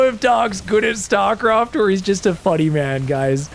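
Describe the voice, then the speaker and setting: A man giving solo commentary on a strategy game match, excitable and chatty, bursting into shouted reactions and talking straight to his viewers. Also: sits high, a little slow, creaky, a little hiss or hum. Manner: chatty asides, addresses viewers as guys. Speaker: esports caster.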